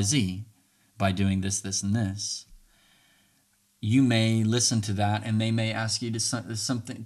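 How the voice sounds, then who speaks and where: In an easygoing advice talk on relationship communication, a man animatedly acts out both sides of arguments with sudden pitch jumps. He laughs often along the way.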